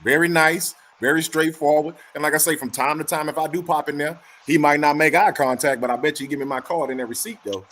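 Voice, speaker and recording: A man's voice: a little high, fairly even intonation, fast talker, hardly any pauses, a bit bright. A man in casual chat, telling a story animatedly and acting out both sides of the dialogue.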